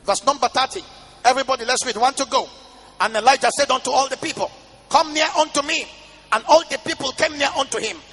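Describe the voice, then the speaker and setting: A male pastor preaching a sermon, reading scripture in a sing-song chant and breaking into shouted declarations. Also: very high voice, fast. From Nigeria. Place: large church hall. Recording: reverberant church hall with music behind.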